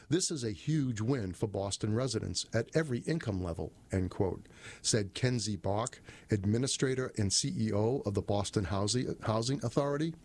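Husky low-voiced man reading news. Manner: plain steady reading, lifts his voice for quotes, corrects own slips. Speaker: reader of a city press release. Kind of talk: reading a news release aloud.

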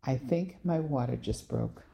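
A woman's voice: very deep voice, a little slow, vocal fry, warm tone, exaggerated voice. A woman reading the part of a pregnant young woman who keeps insisting on attention. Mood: urgent. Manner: insistent, then shaky.

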